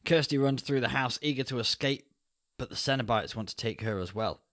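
A man's voice: mid-range voice, fairly quick, fairly bright tone, a little hiss or hum. A man co-hosting a podcast, recapping a film plot in a playful, casual way and keeping an eye on the time. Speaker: podcast co-host.

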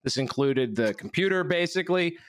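A man's voice: a little high, animated, brisk, dry recording. A man from Canada co-hosting a casual podcast chat, telling stories in a rambling, self-deprecating way. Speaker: show co-host.

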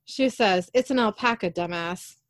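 This podcast host recaps a TV episode conversationally and with animation, reading out what the characters say in her own voice. Her mid-range voice moves at normal speed, captured in clean studio sound without echo.

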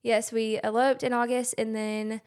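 A woman's voice: a little high, little pitch movement, moderate pace, darkish tone. A young woman, a podcast guest talking earnestly in a casual conversation. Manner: earnest, many "like" fillers.

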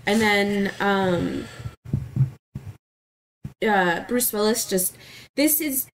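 A woman co-hosting a podcast, chatting casually about a film in a blunt, animated way and swearing freely. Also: medium pitch, very slow, a little hiss or hum. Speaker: podcast co-host. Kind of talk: casual movie review chat.

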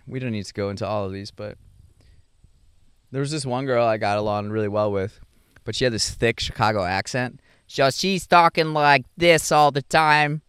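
A young adult man talking casually about his dating life, halting often with fillers and restarts and chuckling between thoughts. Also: mid-range voice, smooth, no echo, studio quality. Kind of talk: casual rambling monologue.

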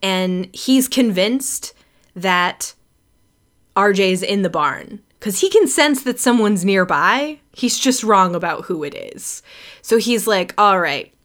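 A woman's voice: mid-range voice, a bit bright. A woman casually recapping a horror film on a podcast, telling it with swearing and frequent giggles. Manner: profane, giggly storytelling. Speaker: podcast host.

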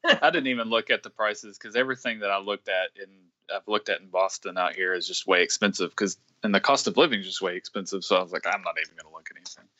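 Man, podcast co-host, relaxed chat, lower pitch, muffled mic. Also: quick pace.

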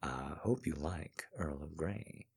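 A refined young gentleman speaks in a low, quiet murmur, very deep and unhurried, as a man reads him. His manner is soft-spoken and charming. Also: lively intonation, gravelly, husky, full character voice.

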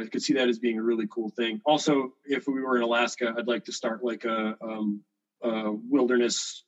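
A man's voice: mid-range voice, dull audio. A man who is a vicar, appearing as a podcast guest and speaking thoughtfully in casual chat. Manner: thoughtful, reflective, many fillers.

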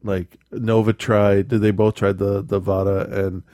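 Podcast host, male, low voice, dry close sound, rambling anecdotal delivery. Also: little pitch movement, a little slow, mellow, no room sound. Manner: rambling storyteller, self-correcting, laughs often. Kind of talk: casual chat.

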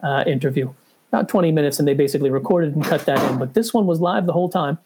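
A man's voice: a little high, fast talker, a little mellow, slight background noise. Chatty man with hesitant fillers. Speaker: podcast co-host. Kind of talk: casual chat.

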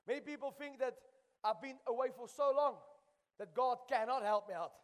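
A high-voiced pastor preaches at a normal pace with real fervor, driving home his main phrases through repetition. His voice rings with the long reverb of a church sanctuary.

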